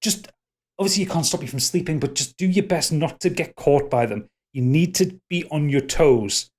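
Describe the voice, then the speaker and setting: A man's voice: a little high, darkish tone, voice pushed up, lightly acted. Man doing a panicky cursing tavern keeper. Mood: alarmed. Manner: panicky, cursing, rushed warnings. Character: jittery middle-aged male tavern keeper, swears a lot.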